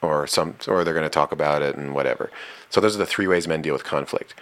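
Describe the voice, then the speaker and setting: A man with an extremely low, deep voice and a bright, forceful edge gives casual relationship advice. He speaks, blunt and frank, never softening what he means. It comes across as a plainspoken host sharing hard-earned opinions. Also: quick pace.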